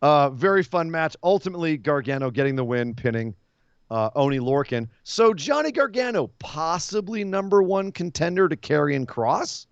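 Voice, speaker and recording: Animated man recapping wrestling. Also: a little high, normal speed, smooth, no room sound. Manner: animated, laughs often, jumps into impressions. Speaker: podcast co-host. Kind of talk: casual wrestling recap chat. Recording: dull lo-fi podcast audio.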